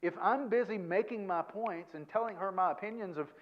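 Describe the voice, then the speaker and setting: Male guest speaker, slightly high voice, chatty and self-deprecating, dull lo-fi recording. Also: a little fast. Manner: chatty, self-deprecating, peppers points with "okay?" and "right?". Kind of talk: conversational seminar talk to a church audience.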